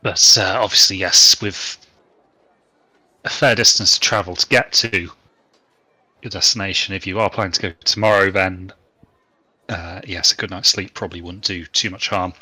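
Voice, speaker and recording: A man narrating a tabletop game as game master, in a relaxed, rambling way with many fillers. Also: sits low, moderate pace, long pauses, no echo.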